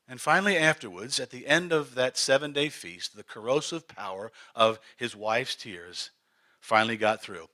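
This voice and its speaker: A man's voice: medium pitch, unhurried. A man preaching, retelling a story dramatically and acting out the characters. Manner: animated, dramatic, acts out the characters. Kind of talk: sermon storytelling.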